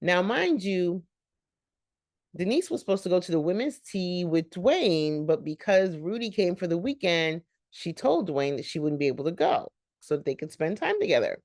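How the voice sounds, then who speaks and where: A woman with a low, deep voice talks through a sitcom episode in a loose, chatty recap. She rambles and drops laughing asides as she goes. The sound is dry and close. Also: big pitch swings, moderate pace, darkish tone, no echo. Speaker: host of a reaction channel.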